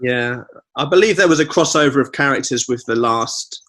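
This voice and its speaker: A man's voice: mid-range voice, a bit bright. Chatty joking man. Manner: chatty, joking, quick asides. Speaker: podcast co-host. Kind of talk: casual chat.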